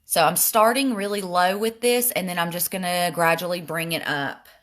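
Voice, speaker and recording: An older woman with a Southern drawl talks through her makeup in a loose, self-deprecating way, answering viewers as she goes. Her voice sits a little low. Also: steady tone, moderate pace, a bit bright. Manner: chatty, self-deprecating, reads comments aloud. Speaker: makeup live streamer. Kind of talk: casual makeup tutorial live stream.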